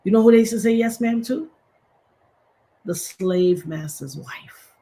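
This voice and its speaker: A woman hosts a livestream in a punchy, preachy manner. She drops sassy asides as she makes her points. Her pitch sits in the middle range for a woman. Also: a little slow, pauses often, dark tone, slight background noise, rough recording. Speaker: commentary host. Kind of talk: animated livestream commentary.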